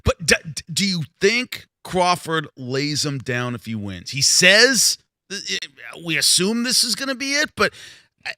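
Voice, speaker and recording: A man hosting a boxing chat show, his voice bright and sitting a little high. He tells stories with acted-out quotes and stumbles on restarts now and then. The sound is dry and close. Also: sing-song, measured pace, no echo. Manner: storytelling, acts out quoted voices. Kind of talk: animated panel chat.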